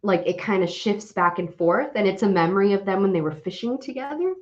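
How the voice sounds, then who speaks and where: A young adult woman co-hosting a podcast in casual chat, animated and swearing often as she rants. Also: medium pitch, a little fast. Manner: animated, swears often, laughs while ranting. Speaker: podcast co-host. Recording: dull lo-fi audio.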